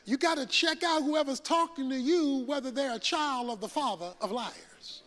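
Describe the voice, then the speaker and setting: A man's voice: very high-pitched, moderate pace, few pauses, pushed and bright. A man preaching a sermon with rising emphasis and folksy storytelling before a congregation. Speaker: pastor. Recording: reverberant hall recording.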